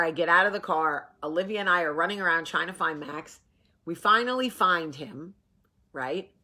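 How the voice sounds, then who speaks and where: Chatty jersey woman in her 40s, bright forceful voice, kinda low, does voices when telling stories. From New Jersey. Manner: chatty storyteller, acts out voices in anecdotes. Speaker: vlog host. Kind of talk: casual morning chat to camera.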